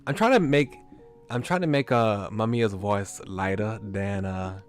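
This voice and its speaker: Lower-voiced man reading a game. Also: a little slow, soft background music. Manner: chatty, self-deprecating, laughs often. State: voice getting scratchy. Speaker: streamer. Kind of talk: visual novel reading and commentary.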